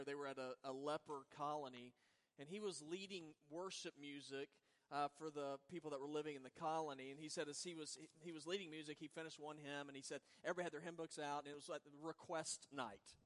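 A man preaching a sermon with a slightly raised voice, swinging from quiet, lingering words to firm emphasis. His voice carries a long reverb, like a big church sanctuary. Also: fairly high pitch. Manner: earnest preaching, swings between soft and emphatic. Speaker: pastor. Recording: long reverb of a large hall.

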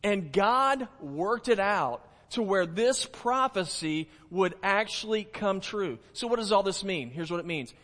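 A male pastor, preaching a folksy sermon that jokes with the congregation and slows down for emphasis. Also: sits high, expressive, fairly bright tone. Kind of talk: sermon with a told joke. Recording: long hall reverb.

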